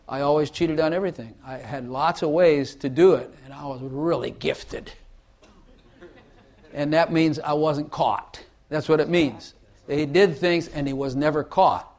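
A man's voice: fairly high pitch, measured pace, darkish tone. A man teaching the Bible in casual conversation, emphatic, repeating phrases for effect and playing with inflection to make his points.

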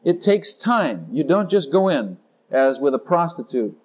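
Excitable guy preaching, high voice that swoops all over, sings bits and laughs a lot. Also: slight background noise. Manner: exuberant, sings snatches, laughs, rapid-fire declarations. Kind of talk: sermon.

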